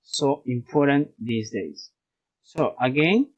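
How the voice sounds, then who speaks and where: Male English teacher, unhurried, repetitive drilling, mid-pitched, switches to Spanish. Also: animated, low-quality recording. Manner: patient, repeats each word, switches into Spanish. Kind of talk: online class, drilling pronunciation.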